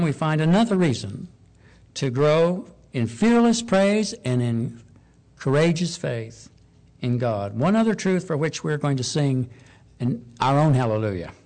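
A man preaching a sermon, measured and deliberate, slowing down and rising in pitch on key points. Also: darkish tone. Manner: measured, slows for emphasis, rises on key points.

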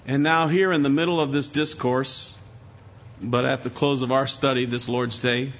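Emphatic male preacher, bright lo-fi sound. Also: mid-range voice, fairly even intonation, moderate pace. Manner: emphatic preaching, rising and falling. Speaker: pastor. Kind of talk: sermon.

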